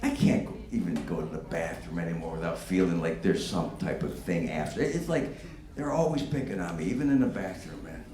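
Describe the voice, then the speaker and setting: A man doing a stand-up comedy set in a brash, profane way, with animated bursts. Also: sits low, brisk, a crowd in the background. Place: comedy stage before a live audience. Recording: echoey room with loud background noise.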